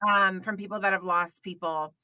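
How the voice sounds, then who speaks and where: Woman podcast host, bright tense voice, emotional earnest, stop-start talk, dry close mic. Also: mid-range voice, fairly even intonation, dry recording. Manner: emotional and earnest, halting phrasing. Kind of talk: podcast interview.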